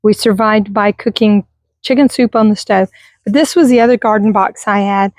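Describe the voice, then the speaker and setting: A middle-aged woman from Texas giving a casual, rambling tour of her neglected yard, talking warmly to her viewers and turning wistful at times, recorded outdoors on a handheld camera. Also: medium pitch, moderate pace, no room sound. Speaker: vlogger. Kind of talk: casual garden tour vlog. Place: outdoors in a yard by a busy street.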